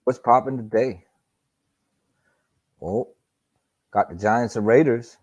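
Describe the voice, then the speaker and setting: Speaking slowly in a medium-pitched, darkish voice, a man hosts a live boxing talk stream. He's casual and profane, leaning on slang and repetition. The audio is dull and lo-fi.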